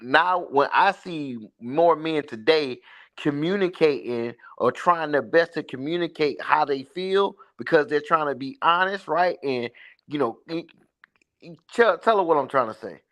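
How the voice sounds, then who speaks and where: A man's voice: fairly high pitch, lively intonation, a little slow, fairly bright tone. Man, insistent, repeats himself, casual panel talk.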